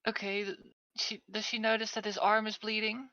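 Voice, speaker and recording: Bright-voiced woman player at a tabletop game. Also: medium pitch, flat delivery, brisk, lo-fi sound. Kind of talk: tabletop game session over voice chat.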